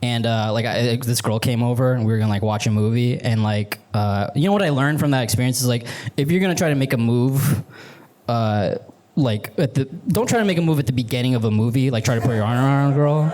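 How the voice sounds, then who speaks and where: A man's voice: mid-range voice, fast talker, darkish tone. A young man from Vancouver doing a stand-up set in a rambling, sheepish way, full of "like" and "you know". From Canada, Vancouver. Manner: rambling, filler-heavy, sheepish. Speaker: stand-up comedian. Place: comedy theater stage. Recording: live club with audience laughter.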